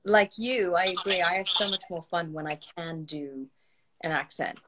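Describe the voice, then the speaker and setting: A woman's voice: lowish voice, normal speed, noisy background. A woman hosting a casual talk show, chatting and telling stories with giggles. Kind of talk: casual chat.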